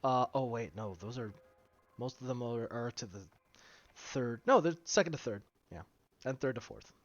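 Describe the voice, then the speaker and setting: A man's voice: medium pitch, moderate pace, dry recording. Hesitant male game master on a call. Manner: hesitant, lots of ums and self-corrections. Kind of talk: running an online tabletop game. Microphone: online voice call. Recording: dull lo-fi voice-call audio.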